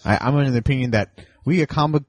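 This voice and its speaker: A man co-hosting a comics podcast in casual chat, reacting quickly and teasing his co-host. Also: mid-range voice, darkish tone, no room sound.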